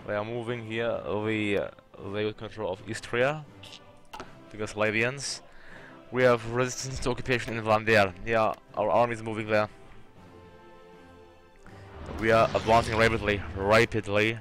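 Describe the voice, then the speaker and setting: Low-voiced man narrating a strategy game. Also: flat delivery, normal speed, fairly bright tone, faint music behind. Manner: thinks aloud, swears at game bugs. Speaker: let's play host.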